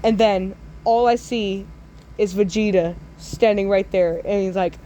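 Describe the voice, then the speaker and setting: A woman narrating a goofy, absurd storytime in a slow, drawn-out voice. She breaks into sudden loud squealing outbursts. A faint hiss sits under the recording. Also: mid-range voice.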